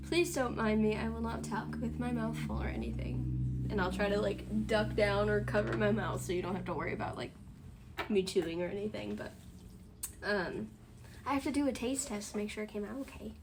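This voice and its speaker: A woman's voice: mid-range voice, fairly quick, background noise. A woman in her twenties chatting casually at home while hosting a dinner livestream, talkative and giggly with frequent laughs. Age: 20s. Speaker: streamer hosting a dinner stream.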